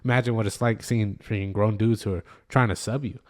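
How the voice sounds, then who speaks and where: Chill guy on a podcast, kinda low voice, rambles with lots of likes and ums. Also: fairly even intonation, a little fast. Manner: rambling, many fillers, laid-back. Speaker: podcast co-host. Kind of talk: casual chat.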